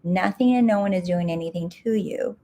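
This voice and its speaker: A woman's voice: on the low side, brisk, warm tone. A woman success coach answering viewer comments live, direct and emphatic, repeating her key points.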